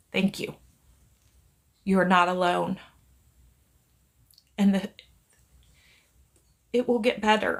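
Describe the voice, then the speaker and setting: A middle-aged woman, a psychic medium, talking gently and pleadingly into her phone on a live stream, reassuring a viewer in one side of a conversation. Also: mid-range voice, vocal fry.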